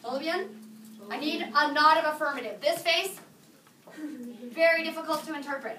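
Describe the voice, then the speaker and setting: A woman teaching a high school Spanish class, playful and lively, quizzing her students. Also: normal speed, long pauses, slight background noise. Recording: echoey classroom from a distance.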